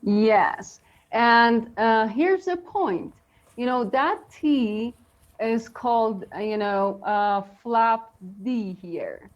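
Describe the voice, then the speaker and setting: Slow-talking woman teaching pronunciation. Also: on the high side, muffled recording. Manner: chatty, encouraging, many fillers and laughs. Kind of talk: live online English lesson.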